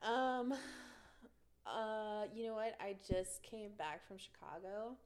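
A young woman on a podcast telling stories in casual chat, giggling often and getting animated. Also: mid-range voice, slow. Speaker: podcast guest.

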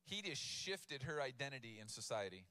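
A man's voice: mid-range voice, moderate pace, dry recording. A man in his thirties preaching a sermon in a casual, humorous way, with playful retellings of the text. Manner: casual, humorous, animated storytelling with laughs. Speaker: pastor.

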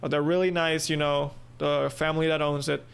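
A man's voice: a little high, flat delivery, a little fast, creaky, clear, resonant tone. A man co-hosting a podcast in laid-back casual chat, dropping into Spanish. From Puerto Rico. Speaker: podcast co-host.

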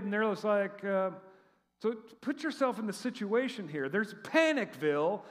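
A middle-aged man preaching a conversational sermon, animated and chatty, with sarcastic asides and frequent restarts. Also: high-pitched, moderate pace. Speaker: pastor. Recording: long reverb of a large hall.

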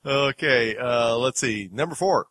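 A man's voice: mid-range voice, a little slow, a bit bright, no echo. Dry-sounding man hosting a movie podcast. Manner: laughs easily, plays clips. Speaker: podcast host. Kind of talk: casual movie review chat.

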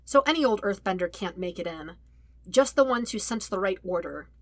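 A woman voicing a sarcastic, jumpy teenage boy in a fan-fiction audiobook, her voice raised and louder for his lines. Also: mid-range voice, animated, moderate pace, no echo. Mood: musing. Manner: sarcastic, squawking when startled.

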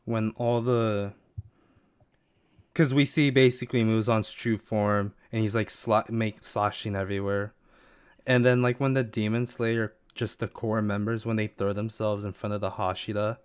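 A man's voice: on the low side, steady tone, moderate pace, clean tone. Eager man retelling in casual chat. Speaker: podcast co-host. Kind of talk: casual chat about an anime series.

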